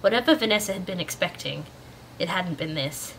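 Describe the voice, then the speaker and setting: A woman storyteller reading a bedtime story aloud in a calm, gentle way. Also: on the low side, fairly quick, slight background noise.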